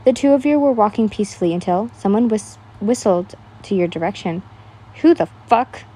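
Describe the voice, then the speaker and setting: A woman's voice: mid-range voice, animated, a little fast, mellow, breathy edge. Young woman casually reading a fan story. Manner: casual, stumbles and restarts, swears freely. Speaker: fan fiction reader.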